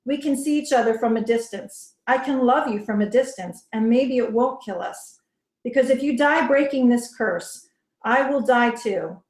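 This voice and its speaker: A woman's voice: fairly high pitch, moderate pace, darkish tone, close to an everyday voice. A woman reading the lines of a brooding young man who pleads with his partner not to take a risk, in an earnest, pleading way. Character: brooding young man, worried and protective lover. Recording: roomy echo.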